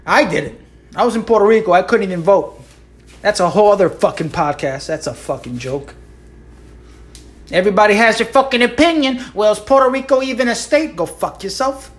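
A woman's voice: medium pitch, animated, fairly quick. A woman hosting a solo podcast, ranting with heavy swearing, sarcasm and constant rhetorical asides. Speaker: podcast host.

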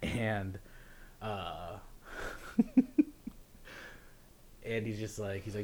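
A young man telling a story in casual chat, laughing often and mimicking officials in a lower, quieter voice. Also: steady tone, takes it slowly, pauses often, slight background noise.

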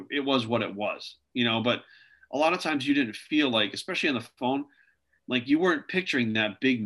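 As an interview guest, a video creator with a medium-pitched, sharp-toned voice tells stories casually. His talk rambles, full of "like" and "you know."

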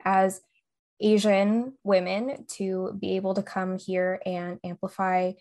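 A woman's voice: mid-range voice, level tone, takes it slowly, darkish tone. A young woman co-hosting a podcast, chatting casually with enthusiasm and frequent laughter. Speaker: podcast co-host. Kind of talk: casual chat.

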